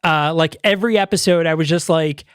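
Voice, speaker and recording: A man co-hosting a casual podcast, talking in an animated way and putting on little voices when he quotes people. His voice sits a little high for a man, recorded close and dry with no room sound. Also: a little fast, smooth, no room sound. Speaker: podcast co-host. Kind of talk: casual chat.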